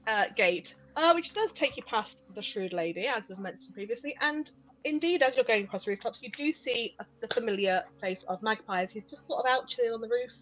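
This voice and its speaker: A woman, narrating as game master with a relaxed, hesitant manner full of fillers. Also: on the high side, a little fast. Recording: dull lo-fi stream audio with faint music.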